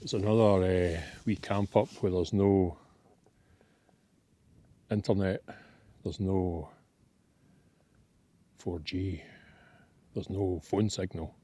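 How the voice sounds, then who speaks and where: This Scottish camping vlogger muses aloud in an easygoing ramble while chatting solo from a campsite in the woods. He speaks low and slow with a steady, warm tone, pausing often.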